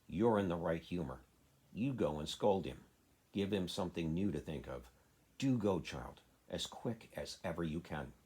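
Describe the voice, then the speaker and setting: A man voicing a frightened, hurried woman nurse who pleads urgently. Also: deep voice, expressive, mellow, slightly rough.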